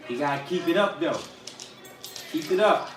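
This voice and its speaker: A man hosting a live stream, giving casual, profane fight commentary and yelling coaching at the screen. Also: fairly high pitch, expressive, moderate pace. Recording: echoey room, distant mic, music behind.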